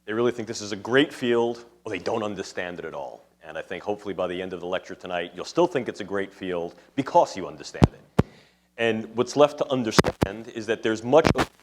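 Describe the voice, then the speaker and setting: A man with a thick New York City accent lectures a live audience in a lower register. He talks in long, discursive academic sentences, leaning on technical terms as he works through definitions. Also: a little fast, a little hiss or hum. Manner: discursive academic, fond of jargon. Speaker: guest lecturer. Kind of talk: public lecture. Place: lecture room before an audience.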